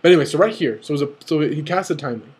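Young male commentator, fairly high and a touch breathy, eager and rambling as he talks through a game. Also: expressive, darkish tone. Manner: eager, rambling, often rushes and self-corrects. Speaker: card game video commentator. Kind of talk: excited game analysis commentary.

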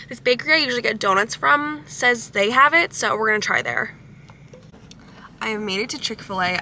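Young woman vlogger, chatty and upbeat, a touch high, car rumble behind. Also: gravelly, pushed and bright. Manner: chatty, upbeat, lots of "like" fillers. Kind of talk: casual vlog chat. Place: in a car at a drive-thru. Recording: car noise in the background.

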